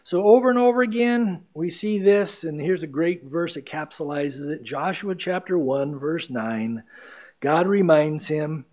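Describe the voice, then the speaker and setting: Emphatic high-voiced male pastor preaching. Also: unhurried. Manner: earnest, emphatic preaching with wide swings in loudness. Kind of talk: sermon.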